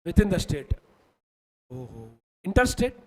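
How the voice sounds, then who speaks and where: Male teacher, Indian English accent, high voice, emphatic explainer who keeps checking in with the class. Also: big pitch swings, unhurried, rough recording. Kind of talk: online exam-prep lecture.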